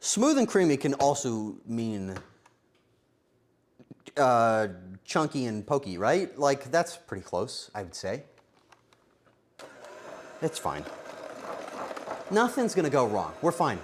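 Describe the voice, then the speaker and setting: A man's voice: medium pitch, sing-song, takes it slowly, pauses often. A man streaming a game live, talking to himself with frantic, joking commentary.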